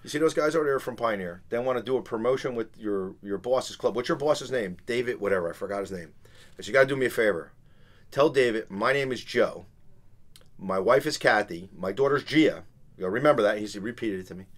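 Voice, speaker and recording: Animated storytelling man. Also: on the low side, brisk. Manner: animated, acts out quoted people. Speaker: podcast guest telling his business story. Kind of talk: casual storytelling.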